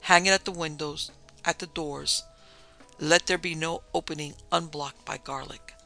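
Man doing grim old guy who's hunted vampires, measured and gravelly, audiobook. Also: on the high side, steady tone, pushed and bright, soft background music. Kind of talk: audiobook reading.

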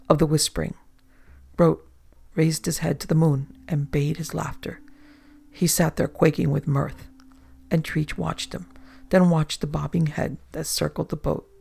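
A man narrating a horror story dramatically, dropping into hushed whispers for suspense. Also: fairly high pitch, creaky, slightly rough.

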